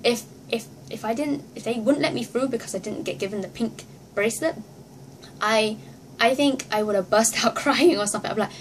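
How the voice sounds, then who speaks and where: A woman vlogger telling a story to camera in a casual, excitable way, acting out her reactions and laughing often. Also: on the high side, a little fast, slight background noise.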